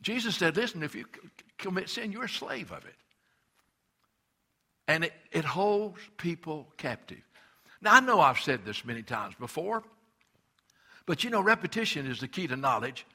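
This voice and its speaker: An older male pastor delivers a fervent sermon. His voice sits a little high and rings bright. He stammers on restarts and leans hard into the words he wants to land. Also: sing-song, moderate pace, pauses often, husky.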